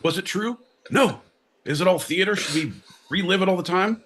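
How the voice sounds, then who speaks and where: Ranting profanely with theatrical, mock-Shakespearean flair, a man co-hosts a comedy podcast recorded live at a show venue. His voice sits high, sounds a bit bright, and keeps a moderate pace.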